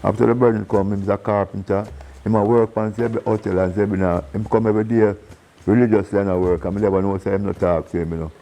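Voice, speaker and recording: Jamaican man, reggae singer, interview storytelling, low voice, mellow tone, animated, acts out voices. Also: quick pace, rough recording. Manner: animated storyteller who acts out quoted voices and laughs often.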